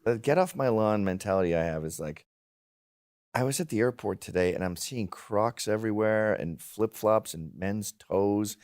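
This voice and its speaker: A man's voice: lowish voice, moderate pace, a little mellow. A middle-aged man, a guest in a casual chat, telling stories bluntly with swearing and laughing at his own jokes, and slipping into put-on voices of old men.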